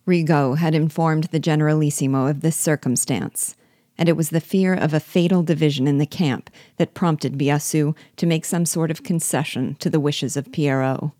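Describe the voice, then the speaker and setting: A woman reading a classic novel aloud in a steady storytelling manner. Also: deep voice, moderate pace, no room sound, clean studio sound. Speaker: audiobook reader. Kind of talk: measured literary reading.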